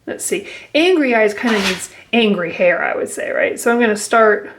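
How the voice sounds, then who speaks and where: A woman's voice: mid-range voice, lively intonation, normal speed. A woman teaching a drawing lesson, playful and encouraging, talking to children as she draws and laughing often. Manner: playful, encouraging, talks to kids while drawing; laughs often, acts out growls. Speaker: art teacher.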